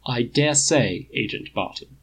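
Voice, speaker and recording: A man's voice: mid-range voice, expressive, a little slow, gravelly, a bit bright, breathy edge, full character voice. A man voicing a formal, judgmental artificial-intelligence butler with a clipped, dry delivery.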